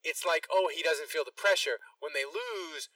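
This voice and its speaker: Tipsy, bright-voiced New man. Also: a little high, normal speed, dry recording, recorded from a distance, low-quality recording. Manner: profane, rambling, self-interrupting. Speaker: podcast co-host. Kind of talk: casual sports chat.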